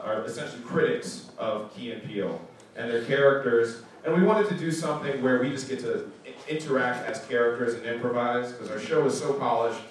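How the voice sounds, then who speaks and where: Animated man in an echoey hall. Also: medium pitch, slight background noise. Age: 30s. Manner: animated, laughs often, restarts and trails off. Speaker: guest speaker. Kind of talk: casual storytelling talk. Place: school auditorium. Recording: echoey hall, voice picked up from far off.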